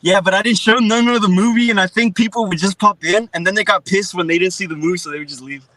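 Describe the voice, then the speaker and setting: A man's voice: sits high, fast talker, a bit bright, no echo, low-quality recording. A man on a call from inside his parked car, chatty and giggly, telling stories in casual chat. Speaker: streamer guest.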